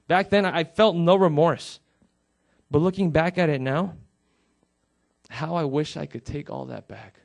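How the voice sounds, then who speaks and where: A man's voice: a little high, measured pace, vocal fry, long pauses, darkish tone. A middle-aged male pastor preaching a sermon, telling a personal story and pleading earnestly with his listeners.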